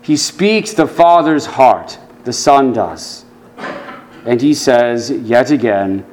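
A man preaching a sermon, earnest, dropping his voice low and soft when he quotes scripture. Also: expressive, takes it slowly. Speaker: pastor.

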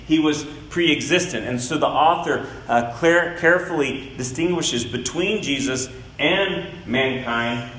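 A man giving an expository Bible teaching, speaking in a deliberate, emphatic way and leaning on key words. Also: mid-range voice, a bit bright, reverberant, rough recording.

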